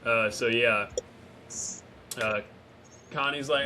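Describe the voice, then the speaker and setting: A man's voice: mid-range voice, moderate pace, pushed and bright, a little hiss or hum. A man casually recapping an episode as a podcast co-host, with fillers and self-corrections. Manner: acts out character lines while recapping. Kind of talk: casual review chat.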